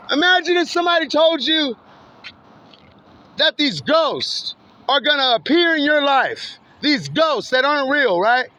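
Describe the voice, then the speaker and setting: High, bright-voiced man taunting outdoors at night. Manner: taunting, mocking, laughs often, swears. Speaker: vlogger filming passing cars. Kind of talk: casual taunting street monologue. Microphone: handheld camera or phone. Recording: dull lo-fi phone audio with faint street noise.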